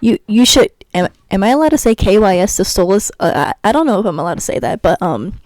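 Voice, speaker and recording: A woman's voice: mid-range voice, very animated, fast talker, a little mellow, no room sound, poor audio. A young woman ranting about a cartoon episode in a sassy, exasperated way, sighing often and stumbling over her words. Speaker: YouTuber reviewing a cartoon episode. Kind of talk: ranting commentary while gaming.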